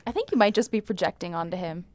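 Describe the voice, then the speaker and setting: A woman's voice: fairly low pitch, quick pace, crowd noise. A woman co-hosting a podcast, tossing in dry, teasing comebacks during casual chat. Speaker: podcast co-host.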